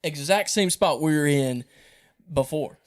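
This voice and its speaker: A man tells a hunting story on a podcast, animated and playing the voices of everyone in it. His voice sits high for a man. The talk is casual and lively. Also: unhurried. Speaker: podcast host.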